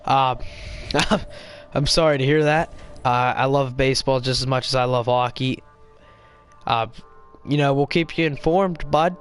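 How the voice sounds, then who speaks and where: A young man hosting a casual hockey live stream, chatting to viewers in a quick, rambling way while playing a video game. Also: medium pitch, steady tone, soft background music. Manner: rambling, quick, with fillers and restarts. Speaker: podcast host live streaming.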